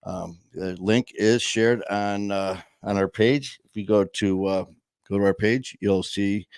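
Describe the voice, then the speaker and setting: A man's voice: lowish voice, steady tone, measured pace, darkish tone, clean tone, dry recording. A man hosting a casual chat show from a home studio, rambling with many fillers and restarts. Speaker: podcast host. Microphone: headset.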